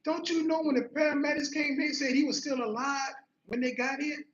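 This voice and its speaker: A blunt, excitable sister who trips over her words when worked up, as a man puts her on, pitched well above his own voice. She scolds in a stammering rush. The sound is roomy and a little muffled. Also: brisk, a little hiss or hum. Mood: insistent.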